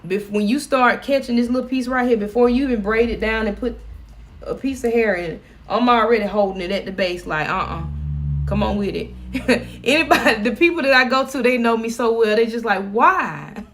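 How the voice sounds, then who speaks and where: A woman's voice: fairly high pitch, animated, a little fast, a bit bright. A middle-aged woman vlogging from home, chatting casually and laughing as she talks to her viewers.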